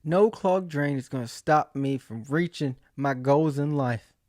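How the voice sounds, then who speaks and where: A man's voice: on the high side, unhurried, no echo, studio quality. A man hosting his own show, talking in a casual, jokey solo monologue and acting out his own inner voice as he tells stories about himself. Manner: animated storyteller who acts out his own inner voice; jokey and self-mocking. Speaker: host.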